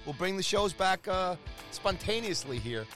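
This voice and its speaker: A male podcast co-host who jokes, laughs often and breaks into loud outbursts in casual sports banter. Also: high-pitched, expressive, normal speed, faint music behind.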